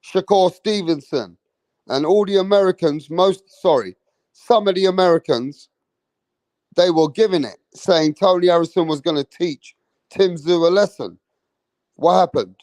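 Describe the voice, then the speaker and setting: A cocky man runs a casual boxing live stream, swearing freely and calling out his viewers. His voice sits a little high for a man. The sound is close and dry with no room echo. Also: a little slow, darkish tone. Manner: boastful, brash and profane, addressing the chat. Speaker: boxing channel host.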